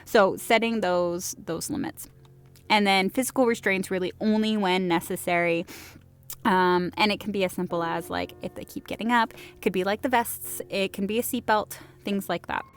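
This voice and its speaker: A woman of average pitch gives a recorded lecture in a loose, conversational manner. She often pauses with fillers and restarts her sentences. Soft background music plays faintly throughout. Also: clean tone.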